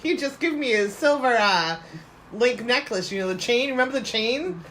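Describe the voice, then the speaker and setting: A woman's voice: on the high side, animated, normal speed, a bit bright, slight background noise. A woman co-hosting a podcast, telling family stories in casual chat with frequent laughter. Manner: laughing storyteller, acts out quotes. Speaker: podcast co-host.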